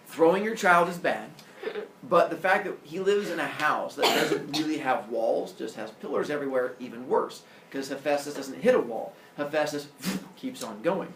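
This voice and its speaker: A man teaching a class, telling myths in a jokey, animated way. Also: on the high side, moderate pace, background noise. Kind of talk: classroom lecture, storytelling. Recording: roomy echo, distant mic.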